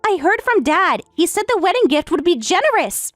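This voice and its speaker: A woman voicing an entitled young daughter who is about to marry, speaking in a shrill, indignant way. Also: sing-song, moderate pace, a bit bright, no echo, soft background music, full character voice.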